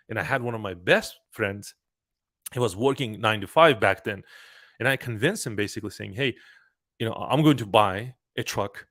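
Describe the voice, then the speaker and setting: A young man who owns a trucking business, talking casually and giving advice in an animated way, often repeating words and starting sentences over. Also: medium pitch.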